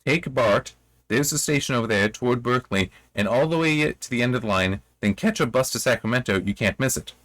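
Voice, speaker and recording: A man reading a slow, casual stranger giving directions. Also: medium pitch, animated, fairly bright tone, dry recording, close to an everyday voice. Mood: helpful.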